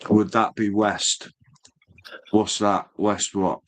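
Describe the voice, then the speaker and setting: A man's voice: fairly low pitch, level tone, takes it slowly, a bit bright. A man chatting casually as a stream host, laid-back, swearing freely and calling people mate. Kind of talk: casual chat.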